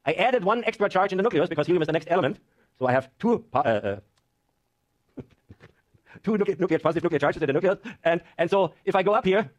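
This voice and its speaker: Animated fast-talking male lecturer. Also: a little high. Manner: lively, questioning the class, frequent "okay?". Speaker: chemistry lecturer. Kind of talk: classroom lecture.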